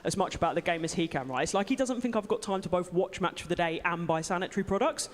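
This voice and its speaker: A woman's voice: on the low side, quick pace, background noise. A woman with an English accent performing a stand-up set with a dry, wry delivery. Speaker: stand-up comedian. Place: comedy theatre stage. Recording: live hall with crowd laughter.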